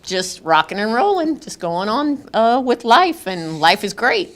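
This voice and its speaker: A woman's voice: medium pitch, big pitch swings, a little slow, fairly bright tone. A woman, a guest on a morning radio show, talking in an easygoing, friendly way about her kennel business. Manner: friendly, easygoing, a bit self-deprecating. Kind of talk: casual radio interview. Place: radio studio.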